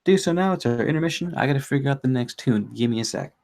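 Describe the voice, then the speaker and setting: A young man hosts a candlelit reading at his home, where candles and a resin burner are going. During an intermission he chats casually, rambles and swears freely. His mid-range voice is expressive, quick and a little mellow.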